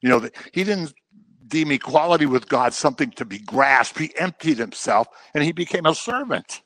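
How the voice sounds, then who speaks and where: A man's voice: a little high, lively intonation, moderate pace, fairly bright tone. A man teaching through a Bible passage verse by verse, conversational and explanatory with humorous asides.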